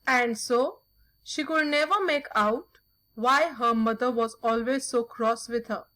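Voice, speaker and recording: Woman teacher reading a story aloud to a class, high voice, slow and careful pace. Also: a bit bright, rough recording.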